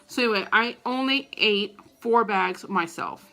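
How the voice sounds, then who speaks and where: Woman, middle-aged, gravelly fry, vlog storytelling, animated, profane. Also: medium pitch, unhurried. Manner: animated, profane, acts out quoted voices. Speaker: vlogger. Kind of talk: casual storytelling to camera.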